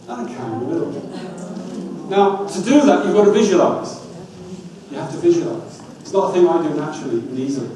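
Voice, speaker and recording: Male trainer, energetic and wry, heard off-mic in a big echoey hall with faint hum. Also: high voice, brisk, recorded from a distance. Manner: energetic, coaxing the audience, wry asides. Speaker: dyslexia trainer giving a talk. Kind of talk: lively public talk with audience activities.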